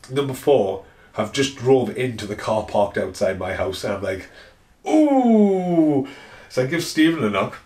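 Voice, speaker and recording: Man, mid-pitched voice, rambling sweary vlog chat, echoey room. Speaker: vlogger. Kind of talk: casual ranting vlog. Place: at home indoors. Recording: roomy echo.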